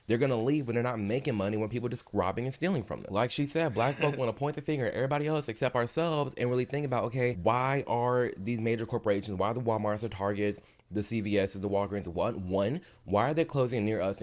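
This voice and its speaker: A man's voice: mid-range voice, darkish tone. A man giving casual, opinionated commentary while reacting to videos on a live stream, talking emphatically.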